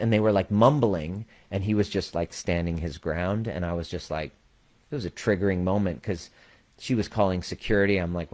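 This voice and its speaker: A man with a very low voice speaks candidly to his community, telling a story in plain words and swearing freely. He slows down to stress his main points, like a coach talking straight to his members. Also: darkish tone. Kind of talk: personal story and address to a community.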